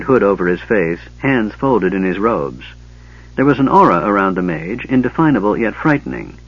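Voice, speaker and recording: A man narrating an audiobook in a measured, steady storytelling voice. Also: lowish voice, breathy edge, no room sound. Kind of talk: scripted narration. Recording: dull lo-fi cassette audiobook.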